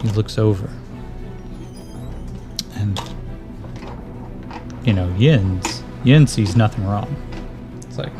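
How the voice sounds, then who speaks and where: Low gravelly game master. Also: male voice, slow, pauses often. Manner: thinking aloud while checking rules. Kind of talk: narrating a tabletop game. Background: faint background music.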